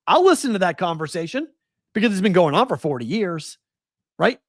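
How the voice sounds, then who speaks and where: A man's voice: high-pitched, sing-song, brisk, no room sound, studio quality. A man with a Boston accent hosting a live sports betting show, ranting animatedly and firing off rhetorical questions. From Massachusetts.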